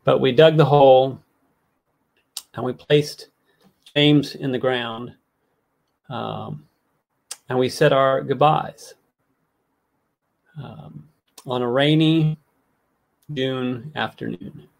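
A man's voice: medium pitch, steady tone, takes it slowly, vocal fry, pauses often. A middle-aged man preaching a sermon, telling a personal story with heartfelt earnestness that builds into impassioned pleading.

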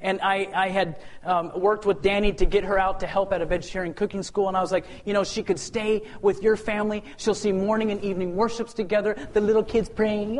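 Man, high voice, testimony storyteller; animated, plays out dialogue, swings from loud to hushed, stumbles into repeats. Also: brisk, hardly any pauses, a little hiss or hum. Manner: repeats words when restarting. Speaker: speaker sharing a personal testimony.

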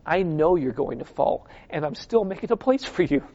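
A male pastor delivers an impassioned sermon in a fairly high voice, turning again and again to his listeners with rhetorical questions. His words ring out in a large hall with long reverb. The recording is muffled and lo-fi. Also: expressive, normal speed, dark tone. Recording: echoey hall, dull lo-fi sound.

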